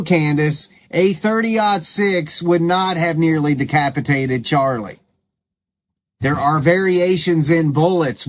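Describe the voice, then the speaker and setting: A man hosting his own commentary show, scolding and sarcastic as he rebuts claims, with an emphatic, combative delivery. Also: on the high side. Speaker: commentary channel host.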